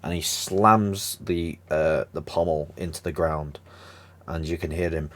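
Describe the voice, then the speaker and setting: A man with a very low voice narrates a tabletop campaign as game master. He rambles, fills gaps with ums and corrects himself as he describes the scene. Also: steady tone, measured pace.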